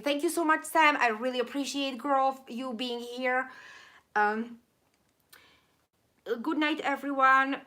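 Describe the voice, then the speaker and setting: Her voice going hoarse but still bright and slightly high, a woman with a non-native accent hosts a live stream and reads out viewer comments in casual chat. She gushes, rambles, laughs quickly and thanks people constantly.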